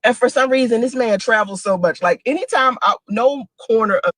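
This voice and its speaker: A woman in her forties telling personal stories in a casual video, animated and often laughing, with dramatic jumps in pitch. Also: fairly quick, dry recording. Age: 40s. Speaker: single mother telling stories to a friend.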